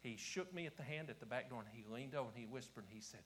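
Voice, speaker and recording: A man with an Appalachian accent preaching a revival sermon to a church congregation, swinging from shouting to hushed whispers and repeating his phrases. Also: medium pitch, fast, a little hiss or hum, rough recording. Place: church service before a congregation.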